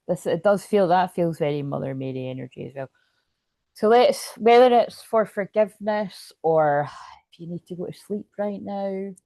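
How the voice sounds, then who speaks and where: A woman's voice: fairly low pitch, dark tone, dry recording. A woman hosting a spiritual astrology livestream, rambling and chatty as she reads viewer comments. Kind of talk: casual livestream chat.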